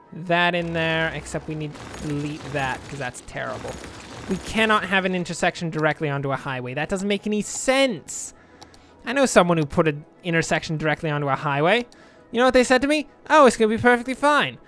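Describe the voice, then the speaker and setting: A man's voice: a little high, expressive, a little fast, fairly bright tone, soft background music. Rambling man narrating his city build. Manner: rambling, self-mocking asides. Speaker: let's play gamer. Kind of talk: casual gameplay commentary.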